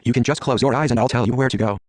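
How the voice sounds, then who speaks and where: A man's voice: medium pitch, rapid-fire, a little hiss or hum, lightly acted. A man voicing a cheerful, easily distracted female wisp spirit in a story game, close to his own voice. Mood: cheerful guiding.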